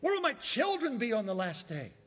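A man's voice: extremely high pitch, wildly swooping pitch, fairly quick, a bit bright, breathy edge, in a large hall. A man preaching a sermon as pastor, emphatic, asking the congregation rhetorical questions. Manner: emphatic, rhetorical questions, acts out quoted voices. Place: church sanctuary.

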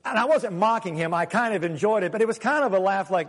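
A man preaching a sermon as a pastor, animated, sometimes acting out the voices he quotes. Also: sits high, fast. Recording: long hall reverb.

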